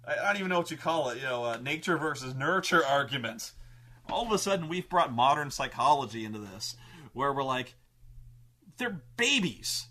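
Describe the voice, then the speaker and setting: A man in a casual, swearing monologue about tabletop games, his pitch swinging widely as he acts out players' lines. His voice is bright and forceful, a little high for a man. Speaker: show host telling tabletop gaming stories.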